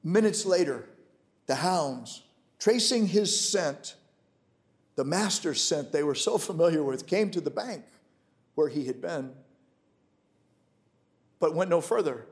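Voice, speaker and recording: Male pastor, high voice, emphatic sermon delivery that drops to hushed storytelling. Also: expressive, slow pace, long pauses. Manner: emphatic preaching, swinging from loud declarations to hushed, intimate storytelling.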